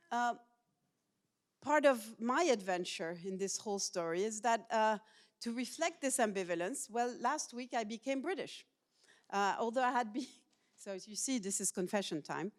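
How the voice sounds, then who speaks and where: A middle-aged woman, a professor, giving a public university lecture to students in a hall, talking in a lively, personal way and asking the audience questions. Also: mid-range voice.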